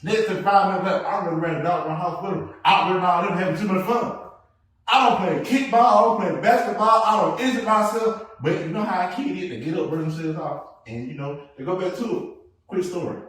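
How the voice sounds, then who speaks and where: A man hosting a casual podcast chat, telling animated stories and laughing often. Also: sits high, a little fast. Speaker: podcast host. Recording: echoey room, mic at a distance.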